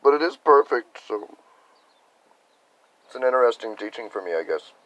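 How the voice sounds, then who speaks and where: A young man talking in a rambling personal video diary about spiritual reflections, sounding congested and tired, soft-spoken and hesitant. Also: mid-range voice, animated, moderate pace, lo-fi sound. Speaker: vlogger sharing spiritual reflections.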